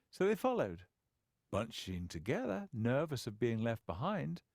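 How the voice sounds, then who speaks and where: Man, audiobook narration, lively expressive intonation, wry storytelling, dry close recording. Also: medium pitch, dry recording. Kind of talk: scripted narration.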